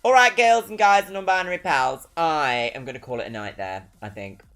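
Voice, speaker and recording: A woman's voice: low voice, a little fast, fairly bright tone, soft background music. A British woman streaming, chatting casually with a giggly, rambling, self-mocking manner. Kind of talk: casual chat.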